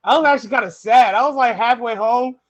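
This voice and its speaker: A young adult man hosting a podcast, telling stories in an animated way, laughing often and quoting people. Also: extremely high pitch, fast, no room sound, muffled recording. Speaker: podcast host. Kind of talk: casual podcast storytelling.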